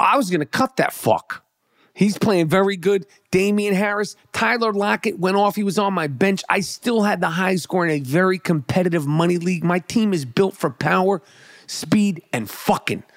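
A man's voice: high voice, no room sound, studio quality. A man giving a brash, profane, hyped-up rant about the football weekend and his fantasy team. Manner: brash, swearing, hyped, repetitive. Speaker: sports commentator.

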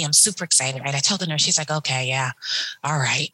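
Husky-voiced hospice nurse telling a story. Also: female voice, sits low, moderate pace, dry recording, low-quality recording. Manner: animated, acts out voices in her story. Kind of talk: personal storytelling.

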